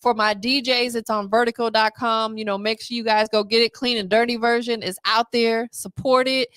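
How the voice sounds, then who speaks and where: A woman's voice: a little high, fairly even intonation, moderate pace, a bit bright, clear, resonant tone, no echo, studio quality. A woman hosting a live podcast in a casual, hyped-up, promotional way. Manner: hype, upbeat, promotional. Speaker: podcast host.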